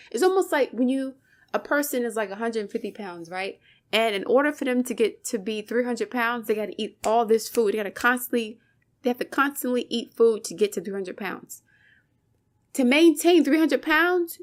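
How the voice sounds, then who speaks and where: A woman hosting her own channel, giving an impassioned commentary monologue, emphatic and preachy, firing off rhetorical questions and swearing. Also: on the high side.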